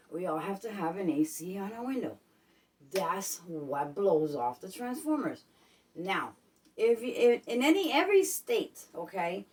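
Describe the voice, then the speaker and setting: Chatty New York woman vlogger, mid-pitched, recorded a bit away from the mic. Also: recorded from a distance. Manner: chatty, keeps tagging lines with "okay?" and "guys". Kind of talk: casual vlog monologue.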